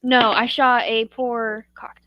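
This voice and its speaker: A woman's voice: on the high side, flat delivery, takes it slowly, dull audio, background noise. A young woman playing a tabletop game, eager and asking rules questions as she plans her moves. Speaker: player. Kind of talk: casual tabletop play.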